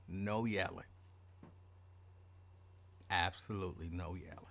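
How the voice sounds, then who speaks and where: A man hosting an afternoon show, calling out listeners' names with excitement and dropping into low, quick asides. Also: gravelly, a little hiss or hum. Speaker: radio show host. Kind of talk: casual call-out greetings to listeners.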